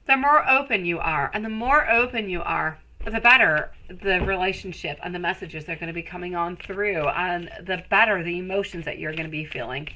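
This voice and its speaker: Woman doing a live tarot stream, crisp bright voice, sweet and chatty, rambles a bit. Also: fairly low pitch, slight background noise, rough recording. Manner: affectionate, calls viewers sweetie. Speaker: tarot reader.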